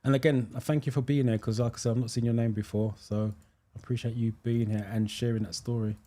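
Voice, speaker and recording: A man's voice: mid-range voice, little pitch movement, fast talker, mellow. A British man hosting a live driving theory stream, chatting casually as he reads viewer comments and explains answers. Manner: chatty, thinks aloud, many ums, thanks viewers.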